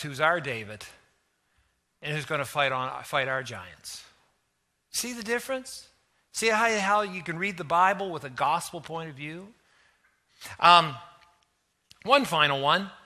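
Male pastor, high and very bright voice, animated storyteller in a sermon. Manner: animated storytelling, acts out quoted lines.

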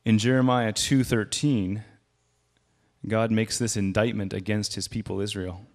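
A man's voice: on the low side, steady tone, a little slow. A man giving a sermon as a guest preacher, speaking conversationally and raising his voice for quoted lines.

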